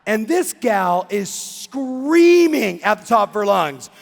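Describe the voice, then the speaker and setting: A man giving an animated keynote talk in a big conference hall, acting out a story and breaking into shouts. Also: sits high, slow, gravelly. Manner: excitable, acts out the scene and shouts. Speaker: real estate coach and keynote speaker. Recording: long reverb in a big hall.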